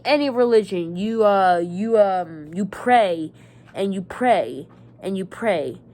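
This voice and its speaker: A woman's voice: medium pitch, a little hiss or hum. Rambling casual woman vlogger. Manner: rambling, repetitive, many restarts. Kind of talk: casual rambling vlog talk.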